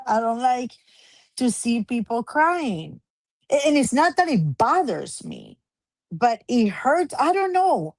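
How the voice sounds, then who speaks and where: A woman co-hosting a podcast, speaking in a reflective, gentle way in a casual chat. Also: on the high side, sing-song, dry recording. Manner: slow, reflective, laughs easily. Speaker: podcast co-host.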